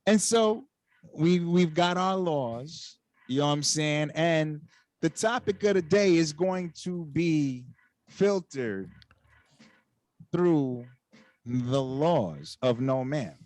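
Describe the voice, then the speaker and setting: A man hosting a casual podcast chat, animated and fond of repeating catchphrases. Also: fairly high pitch, slow, no room sound. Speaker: podcast host.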